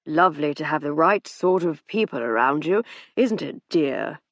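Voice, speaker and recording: A woman voicing a drunk, oblivious man in an audiobook, slow and slurred. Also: fairly low pitch, lively intonation, gravelly, no echo. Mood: tipsy. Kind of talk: audiobook character reading.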